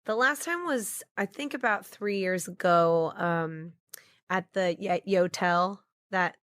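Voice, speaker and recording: A woman's voice: on the low side, no echo. A woman co-hosting a podcast, chatting enthusiastically with the guest and often restarting her sentences. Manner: warm, enthusiastic, halting with restarts. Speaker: podcast co-host. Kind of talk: casual interview chat.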